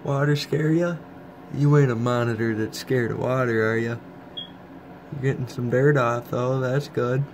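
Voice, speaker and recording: A man filming his pet lizard on a phone, talking to it in a slow, easygoing, cooing way. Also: medium pitch, steady tone. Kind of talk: casual home video chat. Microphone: phone camera. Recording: noisy home phone recording.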